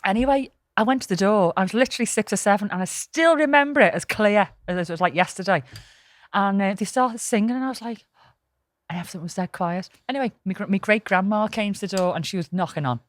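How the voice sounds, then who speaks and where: A woman's voice: medium pitch, quick pace, no room sound, clean studio sound. A woman, co-hosting a casual podcast and telling anecdotes with plenty of swearing. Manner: swearing, storytelling, lively anecdotes. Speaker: podcast co-host.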